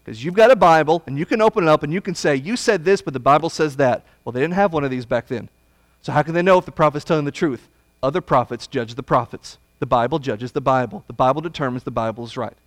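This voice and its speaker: A man preaching a Bible study sermon, blunt and folksy, swinging from loud emphasis to hushed asides. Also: medium pitch, fast, no room sound.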